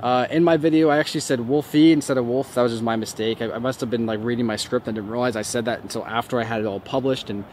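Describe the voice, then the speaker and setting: Outdoors near a street, with faint traffic noise behind him, a YouTube host chats to the camera and works through viewer comments. His mid-range, slightly mellow voice moves fast with fairly even intonation and hardly any pauses, loose and rambling and full of fillers.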